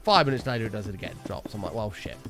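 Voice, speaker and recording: A man's voice: on the low side, sing-song, racing, a bit bright, faint music behind. A young man streaming a game, casually telling a story, swearing freely and acting out his own quotes. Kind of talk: casual storytelling while gaming.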